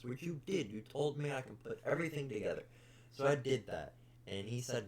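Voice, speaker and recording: Speaking at medium pitch and a fairly quick clip, this young podcast host tells a casual, story-driven rant about customers. He's blunt and exasperated, swears plenty, and keeps his intonation lively.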